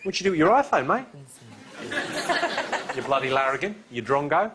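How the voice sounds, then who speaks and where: A man's voice: fairly high pitch, expressive, normal speed, noisy background, pitched below the performer's own voice, close to an everyday voice. A man putting on a brash mock Australian bloke. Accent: put-on Australian. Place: TV studio with live audience.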